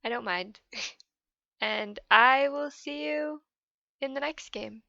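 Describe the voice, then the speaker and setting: Woman, gaming vlog host, hesitant and rambling, soft and emotional, crisp bright tone, dry close recording. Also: high voice, takes it slowly, no echo, lo-fi sound. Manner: hesitant, rambling, many "I don't know"s. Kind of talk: casual post-game reflection.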